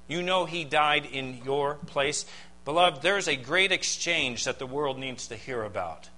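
A pastor delivering a sermon. He preaches emphatically, with dramatic pauses and rhetorical questions. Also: a little high, lively intonation, pushed and bright, low-quality recording.

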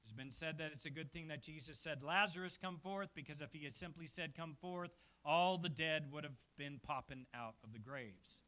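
A male pastor preaching a sermon at a church service, emphatic and swinging from quiet passages to loud ones. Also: a little high, fairly quick, hardly any pauses.

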